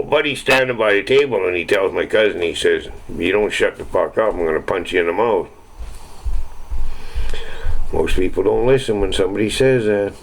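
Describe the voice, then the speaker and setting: A man's voice: lowish voice, gravelly, poor audio. A middle-aged man telling rambling, profane stories in casual chat. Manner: rambling, swears constantly, chuckles at own stories.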